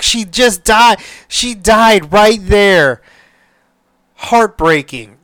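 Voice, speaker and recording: A man's voice: sits high, expressive, very slow, fairly bright tone, dry recording. A man hosting a podcast, chatting casually and emotionally, swearing and restarting his sentences often. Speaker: podcast host. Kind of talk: casual solo chat.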